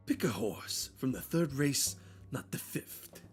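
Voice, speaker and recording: A man doing an impression of a cartoon mob boss, slow and menacing in his drawl. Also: medium pitch, animated, soft background music. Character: smooth-talking male cartoon mob boss.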